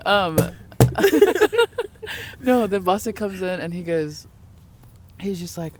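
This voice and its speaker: A woman's voice: on the low side, slow, long pauses, a little hiss or hum. A young woman, a podcast guest, telling a funny story in casual chat, often laughing and acting out quoted voices. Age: young adult.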